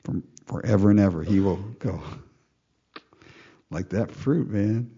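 A man preaching a sermon in a lively way, acting out quoted prayers and laughing between lines. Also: fairly low pitch, slow, vocal fry, long pauses, slightly rough, muffled recording. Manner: animated, acts out quoted prayers, laughs often.

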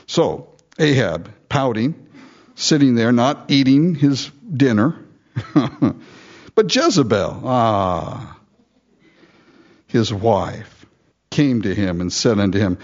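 A male pastor gives an animated sermon and tells a story with chuckling asides. His voice is husky and swings widely in pitch. The recording sounds dull and lo-fi. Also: measured pace.

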